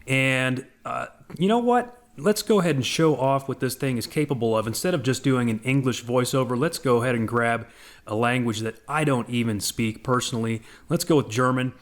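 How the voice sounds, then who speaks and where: A man walking through a software demo as a voice-over for a screen recording, in a relaxed, conversational way with frequent asides. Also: medium pitch, moderate pace. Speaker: software presenter.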